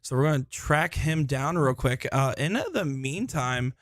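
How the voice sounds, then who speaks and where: A man's voice: mid-range voice, measured pace, fairly bright tone, dry recording, studio quality. Chatty man calling live darts. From Florida. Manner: chatty, joking, self-deprecating. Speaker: darts commentator. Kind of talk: live streamed commentary. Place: busy indoor tournament hall.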